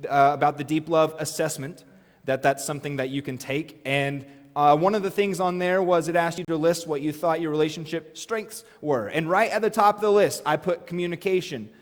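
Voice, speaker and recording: A man in his thirties giving a conversational sermon, stressing words for emphasis. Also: on the high side. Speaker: preacher. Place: church sanctuary. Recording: long reverb of a church hall.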